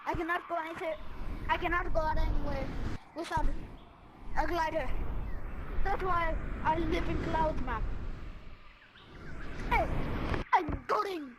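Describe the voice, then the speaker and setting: A woman gamer doing playful in-game role-play through a VR headset mic, excitable and dramatic, with sudden shouts. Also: very high voice, a little slow, pauses often. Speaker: gamer making a VR game movie. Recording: noisy VR game capture.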